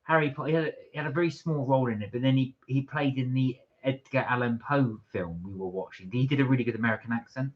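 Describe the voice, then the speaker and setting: A British man co-hosts a live stream, reading viewer comments aloud and reacting in short, relaxed remarks. His pitch sits mid-range. The audio is dull and lo-fi. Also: fast talker, few pauses. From Britain. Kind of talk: casual chat.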